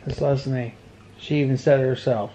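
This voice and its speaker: A man's voice: mid-range voice, level tone, moderate pace, warm tone, slight background noise. A man chatting bluntly at home for his vlog, rambling and cussing, sometimes raising his voice. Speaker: vlogger. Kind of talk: casual home vlog chat.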